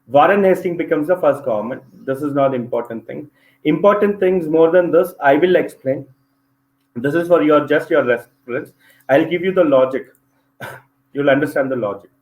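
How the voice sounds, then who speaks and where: Echoey Indian English male lecturer. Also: on the high side. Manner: repeats key phrases, checks understanding with "clear?". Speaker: civil services exam teacher. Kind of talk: online class lecture.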